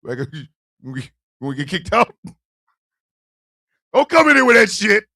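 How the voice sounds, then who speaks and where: Animated, bright-voiced livestream host man. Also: sits high, unhurried, husky. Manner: animated, loud, profane banter with frequent laughter. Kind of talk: casual livestream talk, reacting to chat.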